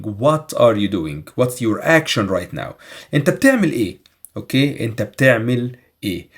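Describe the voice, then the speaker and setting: Guy teaching phrases from a movie, native egyptian arabic speaker, says each line slow and repeats it. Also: medium pitch, animated. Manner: slow careful repetition. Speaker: language teacher. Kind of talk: explaining film phrases.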